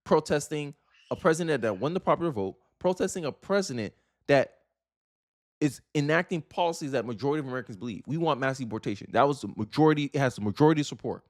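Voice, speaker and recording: A young man in his twenties hosting casual political commentary, talking in an animated, sarcastic and colloquial way. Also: medium pitch, fast, no echo, studio quality. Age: young adult, 18 to 29.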